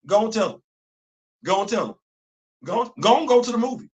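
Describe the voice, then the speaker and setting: A livestream host with a high voice rants fairly quickly and animatedly in casual commentary. Heavy slang, repetition, and regular bursts of laughter mark his delivery.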